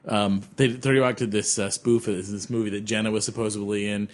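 A man's voice: lowish voice, little pitch movement, quick pace. A man co-hosting a podcast in casual chat, hesitant with many ums. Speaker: podcast co-host.

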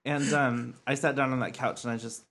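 A man's voice: medium pitch, steady tone, a little fast, fairly bright tone. A man co-hosting a casual podcast, speaking in a laid-back way and chuckling now and then. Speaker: podcast co-host. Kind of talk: casual chat.

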